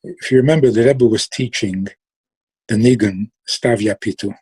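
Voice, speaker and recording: A man telling a story in a relaxed way, slow and reflective, trailing off and restarting and sometimes acting out the people in it. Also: fairly low pitch, husky. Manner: acts out quoted voices with sudden outbursts.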